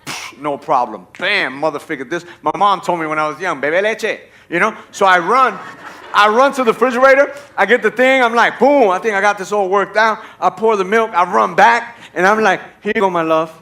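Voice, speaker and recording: A man preaching a sermon as a lively story, acting out voices and checking in with the audience. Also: high-pitched, brisk. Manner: animated, acts out voices in his stories.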